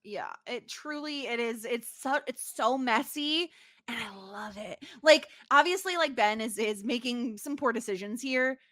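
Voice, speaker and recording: Earnest woman podcast host, higher voice. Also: a bit bright, dry recording, clean studio sound. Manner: halting, filler-heavy, earnest. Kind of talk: casual chat.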